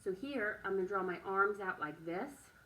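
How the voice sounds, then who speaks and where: A woman teaching a writing and drawing lesson to young children, speaking slowly and encouragingly and stressing each word. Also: medium pitch, expressive, fairly bright tone, distant mic.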